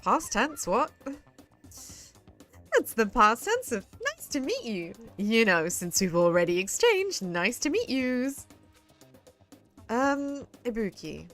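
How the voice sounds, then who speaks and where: A woman VTuber giving excitable, playful game commentary from her home gaming corner, swearing freely. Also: a little high, slow, pauses often, faint music behind. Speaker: VTuber streamer.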